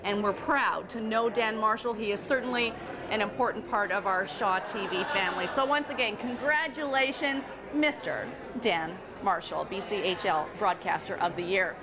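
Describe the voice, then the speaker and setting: A woman's voice: medium pitch, normal speed. A woman hosting a community TV show on location at an outdoor festival, bubbly and enthusiastic. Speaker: community TV host. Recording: busy crowd around her.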